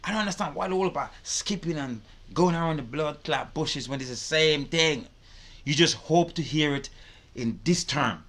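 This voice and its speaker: A man's voice: mid-range voice, normal speed, fairly bright tone. A man giving casual reaction commentary, swearing freely and repeating his points. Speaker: reaction video host.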